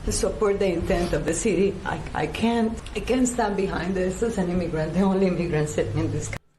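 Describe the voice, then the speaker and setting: A woman's voice: fairly low pitch, warm tone, slight background noise. Emotional woman council member, echoey chamber. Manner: halting, emotional, faltering. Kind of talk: emotional public meeting statement.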